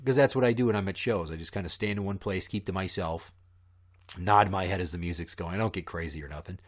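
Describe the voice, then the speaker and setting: A man's voice: low-pitched, fast. A man hosting a podcast who tells stories in a profane, heated, ranting way. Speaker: podcast host. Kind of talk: ranting storytelling.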